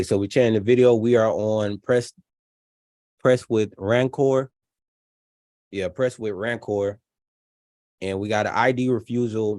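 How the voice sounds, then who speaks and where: A man's voice: fairly low pitch, a little mellow, dry recording. A man hosting a live stream, reacting to a video with chatty, laughing asides and reading viewer comments. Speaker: channel host reacting to a video.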